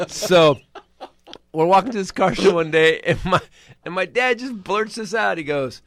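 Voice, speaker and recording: Animated comic man telling a wild story. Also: sits high, a little slow, no room sound, studio quality. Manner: animated, acts out quotes with loud outbursts. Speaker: comedian guest. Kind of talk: comedic storytelling. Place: radio studio.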